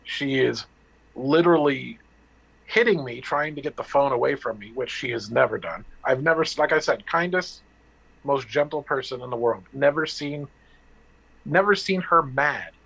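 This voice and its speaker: Gravelly, husky man telling his story. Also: mid-range voice, a bit bright, poor audio. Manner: blunt and profane, reenacting dialogue; halting with restarts and fillers. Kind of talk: candid personal storytelling.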